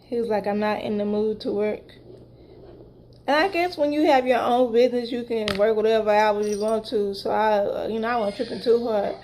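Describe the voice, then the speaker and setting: A woman's voice: fairly high pitch, fairly quick, hardly any pauses, a little mellow, slight background noise. A woman vlogger casually telling her viewers a story, retelling conversations with lots of asides.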